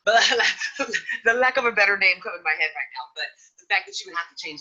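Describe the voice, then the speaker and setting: A woman hosting a podcast in casual chat, outspoken and frank, with an animated delivery. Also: medium pitch, fast, dull audio. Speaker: podcast host.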